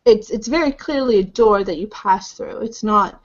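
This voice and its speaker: A woman's voice: mid-range voice, moderate pace. A woman narrating a tabletop game as game master, describing scenes vividly and mimicking sounds. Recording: dull lo-fi recording.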